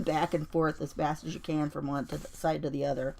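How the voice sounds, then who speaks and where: A woman's voice: sits low, fairly even intonation, fairly quick, creaky, warm tone. A woman chatting on a craft livestream as she works, telling stories and greeting viewers by name. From Colorado. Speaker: junk journal crafter on a livestream. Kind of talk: casual craft livestream chat.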